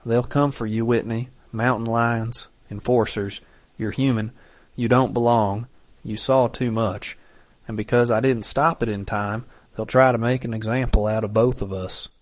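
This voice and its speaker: A man voicing a guarded, gruff young male shapeshifter in an audiobook, speaking in curt growls. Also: mid-range voice, steady tone, normal speed, no room sound, close to an everyday voice. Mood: gruff, tense.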